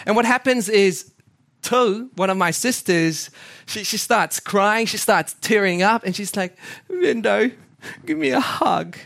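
A man's voice: high voice, a little slow, fairly bright tone, no room sound. A young man giving a casual, story-driven sermon to a church, chatty and self-mocking, often asking the congregation questions. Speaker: church speaker.

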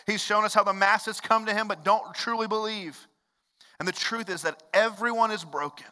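A male pastor preaching a sermon in a conversational storytelling way, dropping to hushed lines and rising to loud, emphatic ones. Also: sits high, fairly even intonation, moderate pace. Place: large church hall. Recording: long reverb of a large hall.

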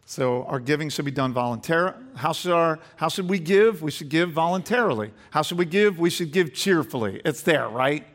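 A man preaching to his congregation in a church with a long, ringing reverb. His voice sits high, and he questions the listeners and builds to emphatic, rising passages. He often repeats and restarts phrases. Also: animated, fairly quick, hardly any pauses, fairly bright tone. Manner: emphatic preaching that rises in pitch and volume as he builds. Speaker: pastor. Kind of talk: sermon.

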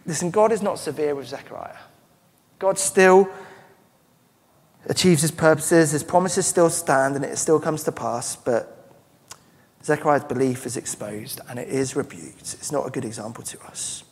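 A man's voice: fairly high pitch, moderate pace, husky. A man preaching a sermon as pastor, earnest and emphatic, often restarting his phrases. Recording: long church-hall reverb.

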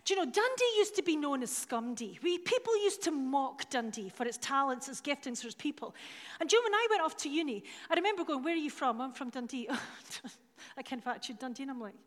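A high-voiced Scottish woman in middle age tells self-mocking stories from the church stage and acts out each exchange. Her voice carries through a big hall with a long reverb tail. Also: animated, fairly quick. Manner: chatty, self-mocking storyteller, acting out dialogue. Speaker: church leader speaking from stage. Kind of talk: anecdotal sermon talk.

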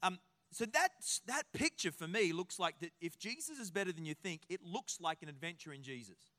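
A man in his forties with an Australian accent, preaching a sermon as a pastor in a lively, joking storytelling way. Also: high-pitched, moderate pace, long reverb tail.

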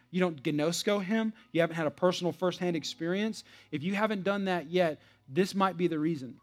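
A male pastor preaching a sermon, emphatic and repetitive, reading a story aloud and building to an appeal. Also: a little high.

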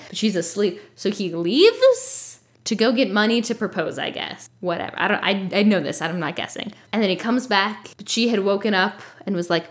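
A woman's voice: medium pitch, normal speed, few pauses. A woman co-hosting a podcast, chatting casually and with strong opinions about an old film. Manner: casual, opinionated, full of fillers. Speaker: podcast co-host.

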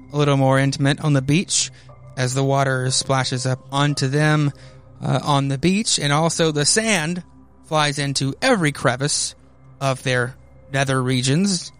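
A man hosting a podcast, casually recapping a comic with rambling asides and many fillers. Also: medium pitch. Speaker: podcast host.

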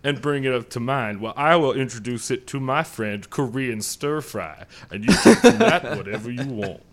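A man doing a refined Southern gentleman with a put-on American Southern accent, talking in a mock-dignified, jokey manner. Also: medium pitch, expressive, normal speed, natural voice. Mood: mock-genteel. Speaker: podcast co-host.

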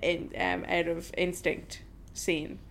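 A woman's voice: on the low side, level tone, takes it slowly, gravelly. A woman co-hosting a podcast, chatting casually and playfully about a film, often laughing. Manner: giggly, playful, jokey. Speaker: podcast co-host. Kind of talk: casual film-review chat.

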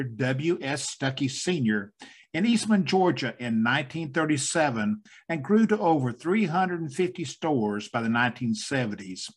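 A middle-aged man hosting an interview podcast, genial and quick to laugh, with some halting restarts. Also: medium pitch. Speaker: podcast host.

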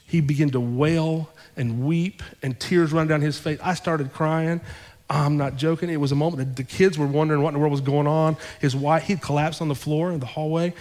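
A man's voice: on the high side, moderate pace, few pauses, in a large hall. A male pastor telling a story in a sermon, acting out the dialogue as he goes. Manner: animated retelling with quoted dialogue. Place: church sanctuary.

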